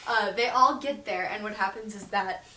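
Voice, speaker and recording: A young woman recapping a book's plot in casual chat, swearing freely and tossing off quick impressions of the characters. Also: mid-range voice, sharp tone. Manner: profane, breezy, slips into quick impressions of characters. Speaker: book reviewer. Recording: echoey room, mic at a distance.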